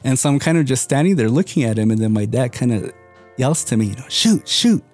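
A young man recounts a personal story in an easygoing, rambling way, leaning on fillers as he goes. His voice is warm and mellow at a middling pitch, with soft music faintly behind him. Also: fast. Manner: rambling, many "you know" and "kind of" fillers.

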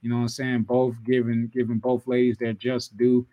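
A man's voice: medium pitch, completely flat delivery, fairly quick, dark tone, no room sound. A young man co-hosting a wrestling podcast in casual, playful chat, repeating himself as he talks. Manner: laid-back, repeats himself, playful teasing. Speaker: podcast co-host.

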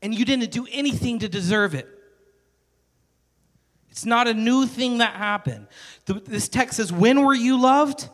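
A man's voice: sits high, a little slow, pauses often, fairly bright tone, in a large hall. A male pastor preaching a sermon in an earnest, conversational way, building to emphatic repetition.

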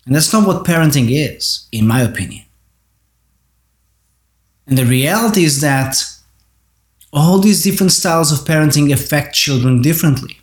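A man's voice: a little high, animated, moderate pace, pauses often. A man giving an earnest monologue on parenting, speaking directly to parents. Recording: roomy echo.

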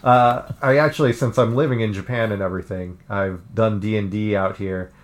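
A man's voice: lowish voice, fairly even intonation, brisk. A man co-hosting a podcast, chatting casually and rambling with lots of fillers and laughter. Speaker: podcast co-host. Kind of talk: casual chat. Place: living in Japan.

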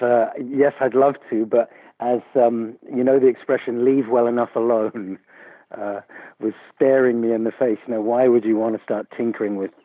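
A man's voice: mid-range voice, dry recording. A man, a musician guest in a casual interview, talking candidly and chatty with a self-deprecating tone over a phone line. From England.

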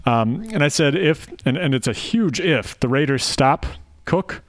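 A man's voice: a little high, expressive, a little slow, dry recording. Dry, teasing man in a football chat. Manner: dry, teasing, sarcastic jokes. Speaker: podcast co-host. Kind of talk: casual sports chat.

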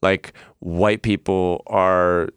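A man's voice: low voice, level tone, extremely slow, smooth, no room sound. A man co-hosting a podcast, chatting casually, rambling and restarting his sentences and laughing often. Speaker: podcast co-host. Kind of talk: casual chat.

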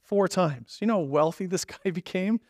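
A man delivers a sermon with a notably high-pitched voice. He talks conversationally and emphatically, slipping into acted asides. The sound is dry and close. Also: normal speed, darkish tone, dry recording. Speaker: pastor.

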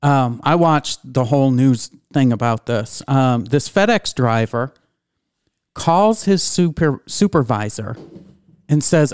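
A man's voice: a little high, animated, a little slow, a little mellow, clean tone, no echo, clean studio sound. A man co-hosting a casual radio talk show, laid-back and teasing. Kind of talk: casual podcast chat.

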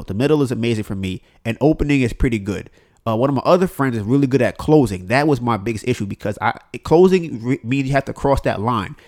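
This is a man talking on his own podcast, rambling loosely with plenty of fillers and restarts. His pitch sits in an everyday middle range. He swears freely and slips into quoted voices to act out phone calls. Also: a little mellow. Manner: profane, uses many fillers and restarts. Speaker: podcast host. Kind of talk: solo podcast monologue.

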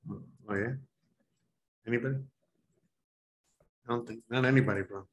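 A man co-hosting a live-streamed show, rambling excitedly and calling people bro. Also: medium pitch, normal speed, a little hiss or hum. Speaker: co-host. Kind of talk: casual live-stream chat.

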